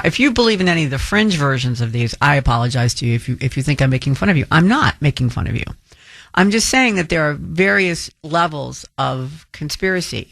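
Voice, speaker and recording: A man's voice: mid-range voice, gravelly, a bit bright, no room sound, clean studio sound. A man filling in as a talk radio host, speaking in a rambling monologue with frequent restarts.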